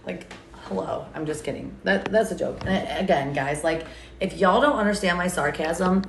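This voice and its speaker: A woman's voice: on the low side, normal speed, creaky. A woman chatting casually on a live stream, rambling and sarcastic and swearing freely. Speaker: TikTok creator. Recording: echoey room, faint background noise.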